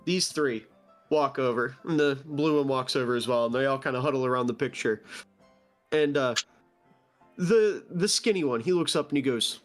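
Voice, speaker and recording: A man's voice: mid-range voice, normal speed, faint music behind. A young man narrating a tabletop game as game master, playful and lightly voicing the characters. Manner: playful storytelling, voices orc characters lightly.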